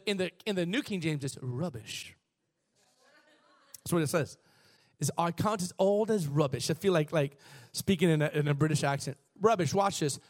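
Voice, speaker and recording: A man preaching a sermon, reading scripture aloud and calling on the congregation to respond, with bursts of emphasis. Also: on the high side. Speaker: pastor.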